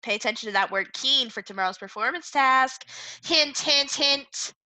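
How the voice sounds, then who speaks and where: A woman teaching a reading lesson to young children, playful and animated, often laughing as she explains. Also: high-pitched, normal speed, no echo. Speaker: second-grade teacher.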